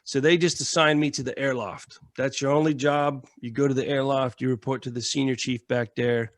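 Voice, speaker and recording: A man from the United States, a military veteran and podcast guest, telling stories in a casual, animated way, acting out quotes and swearing freely. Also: mid-range voice, normal speed, no echo, clean studio sound. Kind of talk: casual storytelling.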